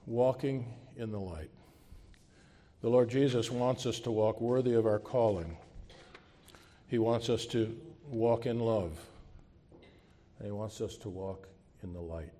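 A man's voice: fairly low pitch, steady tone, a little slow, long pauses, mellow. A man preaching a sermon as pastor, asking the congregation rhetorical questions and closing with a prayer. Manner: closes with a spoken prayer.

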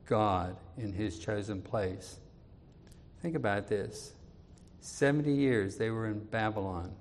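A man preaching an expository sermon, reading scripture aloud with more force and dropping low and quiet when he appeals to his listeners. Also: long reverb tail. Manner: reads scripture louder, drops low and quiet for personal appeals.

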